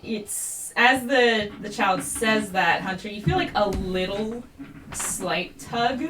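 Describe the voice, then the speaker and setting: A woman's voice: medium pitch, takes it slowly, background noise. A woman running a tabletop game as game master on a live stream, narrating in a rambling style full of fillers. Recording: roomy echo, mic at a distance, music behind.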